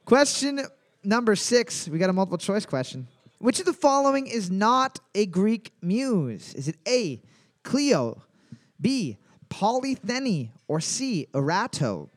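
Male trivia podcast host, high and animated, crude banter. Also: unhurried. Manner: jokey, swearing, reads questions twice. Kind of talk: casual trivia podcast hosting.

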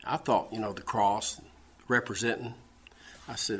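A male preacher delivers a sermon through a folksy personal story, with a bright, forceful voice. He has a Southern American accent and keeps doubling back on his words before pressing on. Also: fairly low pitch, measured pace, husky. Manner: folksy storytelling, repeats words, laughs at own jokes.

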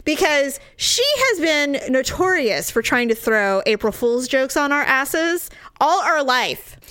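A middle-aged woman co-hosting a casual chat, talking in an animated way and swearing freely. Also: slow, no room sound, clean studio sound. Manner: animated, swears freely, swings up high when riled. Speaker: podcast co-host.

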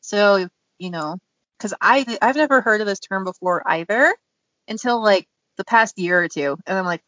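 A woman's voice: medium pitch, lively intonation, normal speed, a bit bright, no room sound, dull audio. A woman co-hosting a podcast in a casual, chatty way, giggling often and using many fillers. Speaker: podcast co-host. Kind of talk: casual chat.

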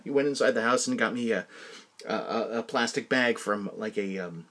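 A man's voice: mid-range voice, a little fast, fairly bright tone. A man hosting a solo podcast, telling casual anecdotes in a rambling, self-correcting way. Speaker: podcast host.

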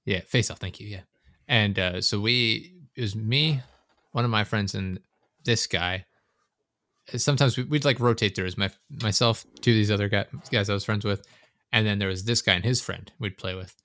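A man's voice: lowish voice, normal speed, a bit bright, no room sound. A young man hosting a casual gaming podcast, rambling and swearing often, with frequent laughter. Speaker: podcast host.

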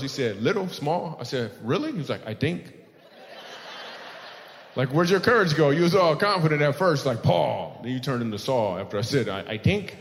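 A man's voice: fairly high pitch, slight background noise. A male stand-up comedian doing teasing crowd work on stage, laughing often at his own jokes. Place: live comedy venue. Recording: long hall reverb.

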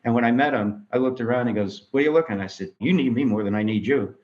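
A man's voice: mid-range voice, quick pace, lo-fi sound. A man from New York, a filmmaker, telling his life story in an interview and acting out the voices of people in it. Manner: animated storyteller acting out quoted dialogue.

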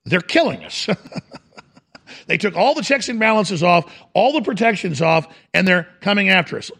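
A man's voice: sits high, sing-song, moderate pace, creaky, a bit bright, husky. A middle-aged man hosting a talk radio show, delivering an impassioned, ranting monologue.

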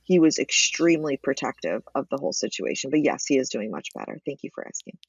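A woman telling her own story in a candid interview, lively and emotional at times. The sound is dry and close, with a slightly dull, muffled tone. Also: rumbling low, fast, gravelly, husky, no room sound. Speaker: interview guest, cancer advocate.

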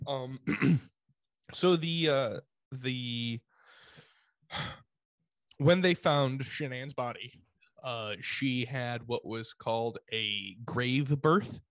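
A man speaks very slowly and hesitantly, clearing his throat and leaning on fillers as he co-hosts in casual chat. His voice sits in a middle pitch, recorded dry and close with no echo. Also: a bit bright. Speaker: podcast co-host.

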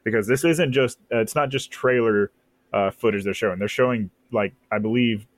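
A man with a fairly low voice talks on a casual podcast, rambling with enthusiasm and pausing on fillers. The sound is close and completely dry. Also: no echo. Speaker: podcast co-host. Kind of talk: casual chat.

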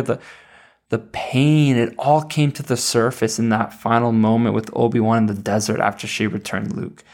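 A man in his thirties talking casually as a reviewer. He speaks eagerly and rambles, with frequent fillers and restarts. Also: medium pitch. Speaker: series reviewer. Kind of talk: casual chat.

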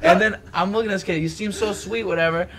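A young man telling an animated story in casual chat, acting out what people said. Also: high-pitched, fast. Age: young adult.

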